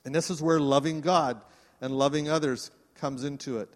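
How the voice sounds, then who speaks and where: A man's voice: a little high, steady tone, moderate pace. Preaching man in a reverberant church. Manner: earnest, warm preaching with call-and-response. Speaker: pastor. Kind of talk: sermon. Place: church service. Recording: long reverb of a church hall.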